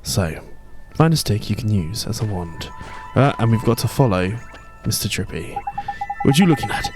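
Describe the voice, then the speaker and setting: A man's voice: on the low side, lively intonation, moderate pace. A man narrating his own game playthrough in a chatty, rambling way, often correcting himself. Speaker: let's play host. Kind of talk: gaming commentary. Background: game music.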